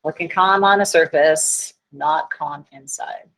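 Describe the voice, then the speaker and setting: A woman's voice: low-pitched, unhurried, a bit bright, poor audio. A woman chemistry teacher giving a class lecture, chatty and self-deprecating, getting flustered by tech trouble.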